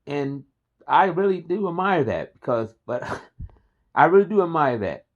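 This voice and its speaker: A man's voice: a little high, very animated, a little slow. Chatty man vlogging. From Philadelphia. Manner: enthusiastic, chatty, repeats himself. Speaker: host. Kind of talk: casual vlog monologue. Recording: dull lo-fi recording.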